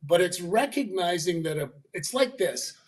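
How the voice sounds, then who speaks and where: A man with a fairly high voice explains his ideas as a guest on a faith-based talk show. He tells his examples in a lively way and acts out the voices of the people he quotes. His voice sounds a little distant from the mic. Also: moderate pace. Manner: animated storyteller, acting out quoted voices. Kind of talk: conversational explanation.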